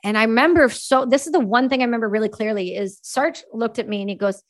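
A woman from Canada in her thirties, a podcast guest telling stories candidly and casually, swearing freely and talking quickly. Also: on the high side. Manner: candid, profane, quick-talking, voices quoted people. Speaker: podcast guest, army veteran. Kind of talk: casual storytelling.

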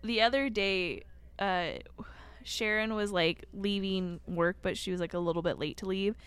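A woman's voice: mid-range voice, moderate pace, fairly bright tone, smooth. A young woman co-hosting a podcast in casual chat, rambling through stories and saying "like" often. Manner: rambling storyteller, heavy use of "like". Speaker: podcast co-host.

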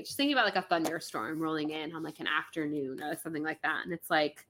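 A young woman from Florida co-hosting a podcast, chatting casually and quickly about a book with many fillers. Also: low voice, fairly bright tone, a little hiss or hum. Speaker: podcast co-host.

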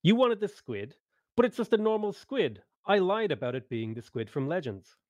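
A man voicing a grown fisherman, fearful and bitter, whose pleading lines rise in pitch, narrated over an online voice call. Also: big pitch swings, moderate pace, a little mellow, no room sound, dull audio. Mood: nervous.

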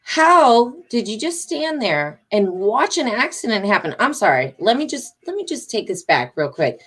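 A woman's voice: on the high side, sing-song, moderate pace, fairly bright tone, slightly rough. A middle-aged woman telling a story casually to her followers, agitated, emphatic and rambling, with swearing. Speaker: vlogger.

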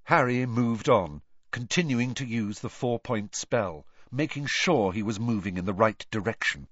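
A man giving a lively, dramatic storybook narration, in a dull, dry recording. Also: fairly low pitch, measured pace, no room sound. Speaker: audiobook reader.

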